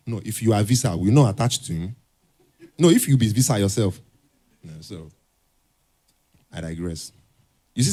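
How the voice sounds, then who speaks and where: A young man speaking at a creative conference, acting out short comic dialogues and urging the audience with rising emphasis. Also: sits low. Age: young adult. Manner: animated, acts out dialogues, builds to emphatic urging. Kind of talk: motivational talk with comic skits. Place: conference hall stage.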